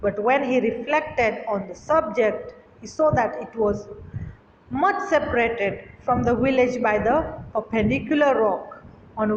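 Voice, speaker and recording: A woman teacher with a fairly high voice reads a story line by line and paraphrases each part in simple words. The recording is dull and lo-fi, with long hall reverb and faint noise behind her. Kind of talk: reading a story and explaining it in a lesson. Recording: echoey hall, dull lo-fi sound.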